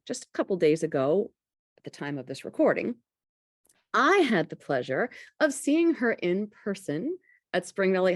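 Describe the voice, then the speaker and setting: This woman hosts a podcast and talks slowly, taking her time over each thought. Her voice sits a little low and sounds measured and reflective. The sound is dry and close, with no room around it. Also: no echo. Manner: measured and reflective, speaks deliberately. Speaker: podcast host. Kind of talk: podcast interview, introduction read then reflective talk.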